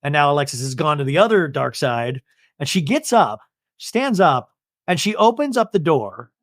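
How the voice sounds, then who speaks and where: A man's voice: on the high side, big pitch swings, normal speed, a bit bright, no room sound, studio quality. A young man hosting a podcast, chatting in a gossipy, tired way. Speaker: podcast host. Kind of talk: casual chat.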